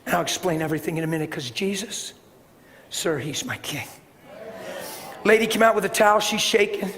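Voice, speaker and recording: Animated high-voiced male preacher. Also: a little fast, long pauses. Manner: animated storytelling, swings from shouting to soft hushed tones. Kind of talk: sermon. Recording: echoey hall with faint ambience.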